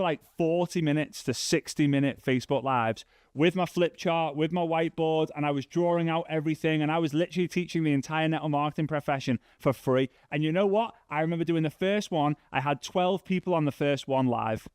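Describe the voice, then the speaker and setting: A young man giving a workshop talk to a live audience, telling a story with lively, acted-out dialogue. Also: brisk, clear, resonant tone, no room sound, studio quality. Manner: animated, acts out dialogue with big pitch jumps. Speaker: workshop speaker.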